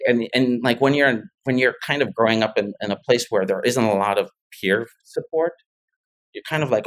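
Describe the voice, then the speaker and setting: Middle-aged man, mid-pitched, loose rambling storyteller on a podcast. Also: brisk. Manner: rambling storyteller, many restarts and laughs. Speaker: guest, tech founder. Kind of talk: casual interview chat.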